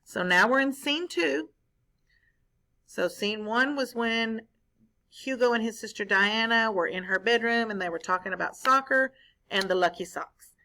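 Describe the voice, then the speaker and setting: A woman's voice: a little high, measured pace, bright, forceful tone. A woman teacher reading a story aloud to children, stopping to explain and ask them questions. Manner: explaining, asks the listeners questions. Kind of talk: read-aloud lesson for children.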